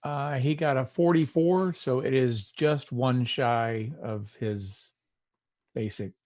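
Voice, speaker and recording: A man playing a tabletop game, calmly reading out his dice rolls and choosing targets. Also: medium pitch, slow pace, dry recording, highs cut off. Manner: matter-of-fact, reads out dice rolls. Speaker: player. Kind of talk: casual chat at a tabletop game.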